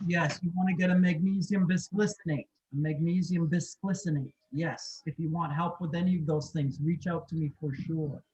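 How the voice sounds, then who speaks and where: A man as a health coach leading a gentle self-love session, repeating soft questions to the group. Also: fairly high pitch, steady tone, normal speed, few pauses, low-quality recording.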